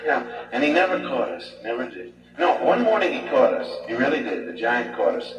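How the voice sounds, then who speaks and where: A man telling rambling, animated stand-up stories, recorded from a distance in a roomy space. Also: mid-range voice, fairly quick. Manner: rambling, animated, leans on 'you know'. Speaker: stand-up comedian. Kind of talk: stand-up storytelling. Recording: echoey distant live recording with music.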